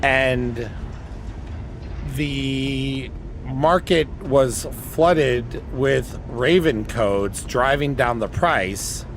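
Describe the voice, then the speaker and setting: A man's voice: mid-range voice, extremely slow, slight background noise. A man streaming, chatting casually with friends and talking himself through tasks as he goes. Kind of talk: casual livestream chat with friends.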